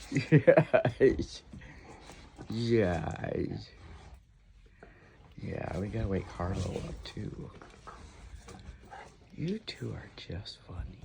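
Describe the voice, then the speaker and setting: A woman's voice: sing-song, very slow, gravelly, long pauses, mellow, slight background noise. A woman filming her dogs at home, chattering to them in a playful sing-song voice. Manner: playful sing-song talk to pets, swooping between squeals and low growly tones. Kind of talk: casual home video.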